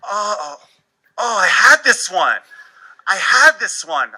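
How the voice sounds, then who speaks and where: Man playing a flustered stammering schoolboy, pitched way up, bright. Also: very animated, slow pace, breathy edge, heavily acted, rough recording. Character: flustered eager schoolboy who blanks.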